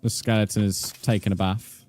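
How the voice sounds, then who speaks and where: A man's voice: on the low side, level tone, brisk, darkish tone, faint music behind. A man, chatting casually with viewers while he plays a game on a livestream and calling them mate. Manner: laid-back, chatty, calls viewers mate. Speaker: game streamer.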